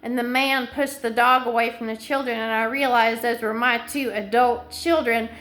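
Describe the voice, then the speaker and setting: Woman, middle-aged, bright sharp voice, anxious insistent ramble, talking to camera. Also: fairly high pitch, fairly even intonation, normal speed. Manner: long run-on chains of "and", anxious and insistent. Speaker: vlogger.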